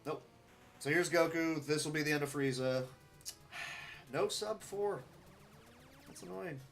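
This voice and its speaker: Male speedrunner, a touch high-pitched, muttering dry asides over faint game music. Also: measured pace, vocal fry, fairly bright tone. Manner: muttered, wry asides to himself. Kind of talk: live gameplay commentary.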